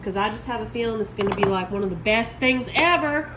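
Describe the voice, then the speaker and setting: A woman, showing desserts in her home kitchen in a chatty, excitable way, talking to viewers. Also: fairly high pitch, fast talker, noisy background. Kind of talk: casual cooking video. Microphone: phone.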